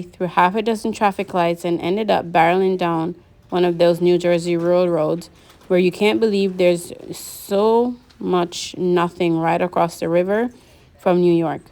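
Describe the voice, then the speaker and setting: A woman narrating a novel aloud in a lively audiobook reading, voicing the characters. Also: on the low side.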